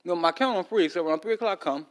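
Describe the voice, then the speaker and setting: Very fast and high-voiced, a man hosting a podcast rambles through a long, casual story full of fillers and restarts. A loose tooth affects how he talks.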